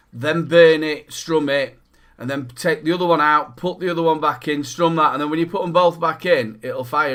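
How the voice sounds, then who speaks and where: A man with a Northern English accent, co-hosting a casual chat, rambling and repeating words as he tells stories. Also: fairly high pitch. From Northern England. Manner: rambling, repeats words, bursts into loud mock shouting. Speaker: podcast co-host.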